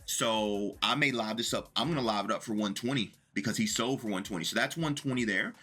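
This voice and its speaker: A man with a lowish, forceful, bright voice talks viewers through a video game in a relaxed, chatty way. He works through his numbers out loud as he goes, while faint music plays in the background. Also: a little fast, slightly rough. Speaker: gaming video creator. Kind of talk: casual commentary to viewers while opening packs.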